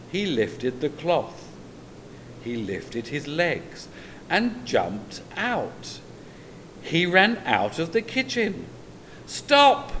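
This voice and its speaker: A man reads a children's story aloud very slowly, his pitch rising and falling expressively. A faint low rumble sits under his voice. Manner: expressive, drawn-out read-aloud delivery.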